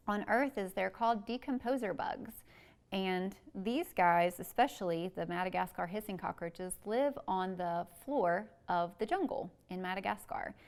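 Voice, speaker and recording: Woman, museum educator, young adult, children's story time, sing-song read-aloud, gravelly voice, mid-pitched. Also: a little mellow.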